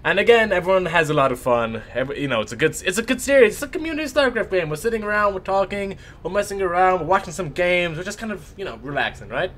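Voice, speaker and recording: Sore-throated young male caster, slightly high voice. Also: fast talker, hardly any pauses. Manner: animated, rambling anecdote with lively voiced asides. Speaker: esports shoutcaster. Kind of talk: casual storytelling between matches.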